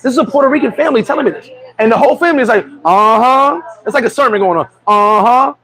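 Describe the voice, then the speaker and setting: Man, high voice, livestream host, casual chat, blunt profane storytelling. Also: animated, racing, poor audio.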